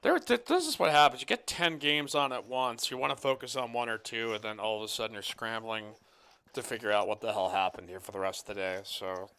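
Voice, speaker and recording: A man calls the action at a poker final table, his slightly low voice bright and cleanly crisp. He drifts into football chatter and reads out viewer messages, keeping things loose and joking. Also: steady tone, a little fast. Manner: rambling, joking, reads viewer chat aloud. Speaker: poker commentator. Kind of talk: live poker commentary with casual chat. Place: card room commentary booth.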